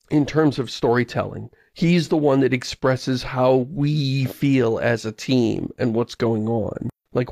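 A man with a mid-pitched, gravelly voice hosts a casual podcast. He talks in an animated way and throws in quick asides. The sound is close and dry. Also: dry recording. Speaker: podcast host.

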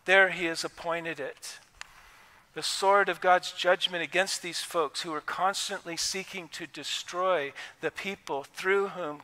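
A man preaches with a high, bright, ringing voice, talking to the congregation in an impassioned, conversational way. His words trail into a long reverb from the church hall around him. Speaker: pastor. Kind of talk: sermon. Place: church sanctuary.

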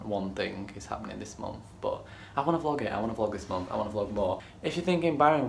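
A man's voice: on the low side, creaky, a little hiss or hum. A young man vlogging casually into his phone, sarcastic and rambling, with a slight lisp from a retainer. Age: young adult. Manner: sarcastic, rambling, self-mocking. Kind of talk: casual vlog to a phone camera. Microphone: phone held at arm's length.

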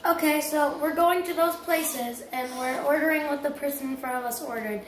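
A woman's voice: high voice, moderate pace. A young woman co-hosting a home vlog, talking in a playful, teasing way. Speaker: vlogger. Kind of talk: casual chat. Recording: echoey room with faint hum.

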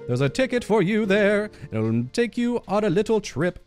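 Guy putting on a chirpy lady boss, super bubbly, swoops up and down, soft game music behind. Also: high-pitched, big pitch swings, normal speed. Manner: chirpy, affectionate, calls everyone babe and love. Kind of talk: voicing game dialogue.

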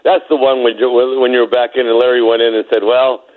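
A man recalling a game story as a former teammate, halting and repeating words, laughing at times. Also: mid-range voice, flat delivery, narrow, tinny audio. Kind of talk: casual storytelling interview.

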